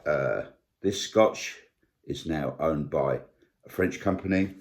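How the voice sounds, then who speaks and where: A man's voice: a bass voice, takes it slowly. An older man, talking in a casual vlog monologue and listing examples with indignant emphasis. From United Kingdom. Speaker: vlogger.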